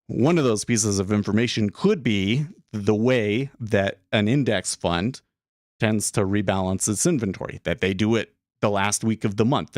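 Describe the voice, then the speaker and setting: A man with a fairly low voice hosts a day trading livestream from a small closed room, recorded cleanly with studio quality and no echo. He talks casually and thinks aloud, restarting often and sounding slightly out of breath.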